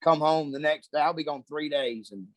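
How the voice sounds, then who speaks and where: A man's voice: fairly high pitch, moderate pace, no room sound. A man, a comedian guest telling profane, rambling stories in casual chat.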